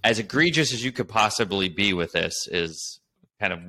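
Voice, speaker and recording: A man co-hosting a podcast, talking in a relaxed, thoughtful, casual way. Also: fairly low pitch, normal speed. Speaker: podcast co-host. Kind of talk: casual political chat.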